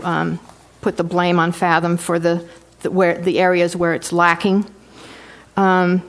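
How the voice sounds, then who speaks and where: A woman in her sixties, a board member giving a firm, persuasive statement at a public meeting. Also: lowish voice. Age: 60s.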